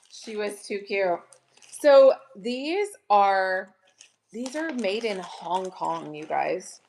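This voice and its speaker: A woman hosting a casual live sale from home, chatting warmly and gushing over each item. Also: medium pitch. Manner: chatty, gushing, addresses viewers as "you guys". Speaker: online live-sale seller. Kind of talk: casual live-stream selling chat.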